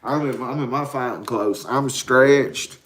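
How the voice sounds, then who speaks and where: A tired livestream host in his forties rambles and cusses while answering viewers late at night, drowsy after a caffeine crash. His voice is mid-range and his pace measured.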